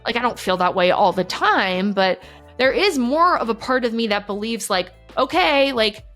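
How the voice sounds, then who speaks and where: A woman's voice: fairly high pitch, lively intonation, normal speed, fairly bright tone, faint music behind. A woman talking candidly in a casual podcast conversation, swearing freely and filling her speech with "like". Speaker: podcast guest.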